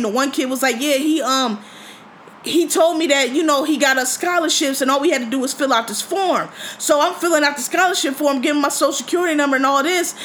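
A woman's voice: sits high, fairly bright tone, slight background noise. A woman hosting a podcast, retelling a story in casual, profane, indignant speech. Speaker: podcast host.

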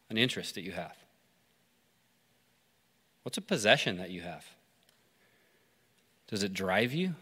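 A man preaching through a story, pausing to ask listeners reflective questions. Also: fairly low pitch, fairly bright tone. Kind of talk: sermon told as a story. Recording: long hall reverb.

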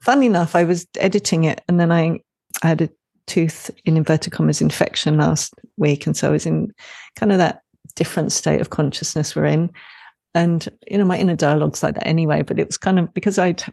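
A woman author in a podcast conversation, talking warmly and enthusiastically, often laughing and acting out inner voices. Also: low-pitched, steady tone, a little fast, vocal fry, no echo, clean studio sound. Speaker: author and parenting instructor.

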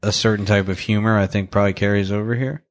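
A young man talks through a film in a loose, rambling way, laughing often and restarting his sentences. His voice sits a bit low. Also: little pitch movement, fast talker. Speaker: podcast co-host reviewing a movie. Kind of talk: casual chat.

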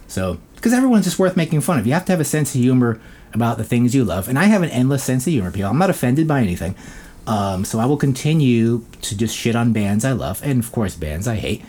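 A man's voice: mid-range voice, darkish tone. A man co-hosting a casual podcast, jokey and self-mocking, rambling with lots of fillers. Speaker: podcast co-host.

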